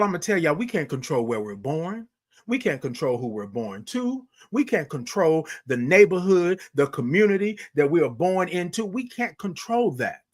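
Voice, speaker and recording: High-pitched guy hosting a morning show, preachy motivational talk, keeps saying y'all and repeating himself. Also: fairly bright tone. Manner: preacherly, addresses listeners as y'all, repeats phrases for emphasis. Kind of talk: motivational spoken monologue.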